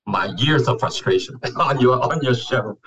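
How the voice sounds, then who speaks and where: Older man, husky and passionate. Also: medium pitch, normal speed, distant mic, poor audio. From Hong Kong. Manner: passionate, venting, animated rhetorical questions. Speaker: guest actor. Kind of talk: casual interview chat.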